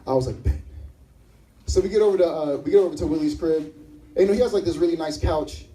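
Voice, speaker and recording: A young man's stand-up set at a live comedy club has him telling stories and acting out other people, speaking quickly in a higher-pitched voice but with long pauses. The mic is distant and the audio poor.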